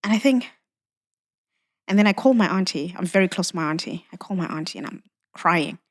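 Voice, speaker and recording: A woman's voice: on the low side, lively intonation, fairly quick. A woman guest on a podcast, telling a personal story with emotion and acting out dialogue, often saying "you know.".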